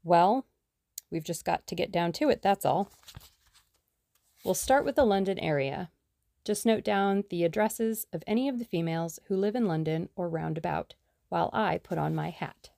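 A woman reads out a plucky young woman detective from a storybook, eager and brisk. The voice sits low with a gravelly edge and a mellow, dark tone. The recording is dry and close. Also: no room sound. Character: lively, impatient young woman sleuth. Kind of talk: audiobook character reading.

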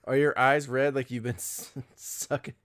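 A man's voice: mid-range voice, little pitch movement, moderate pace, a bit bright, smooth. A man in casual conversation about a film, analytical, often restarting his sentences and quoting scenes. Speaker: podcast co-host.

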